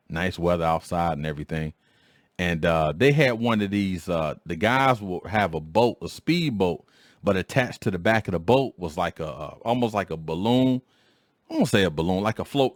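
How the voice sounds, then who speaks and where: A man in his forties hosting a podcast, telling a story in a casual, slangy way and acting out quoted lines in a higher voice. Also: dry recording, studio quality. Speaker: podcast host. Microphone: studio microphone.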